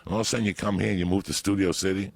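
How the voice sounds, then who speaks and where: A man telling profane stories in a casual podcast chat, loud and laughing. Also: sits low, steady tone, rapid-fire, gravelly. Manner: profane, loud storyteller who breaks into laughter. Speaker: podcast guest.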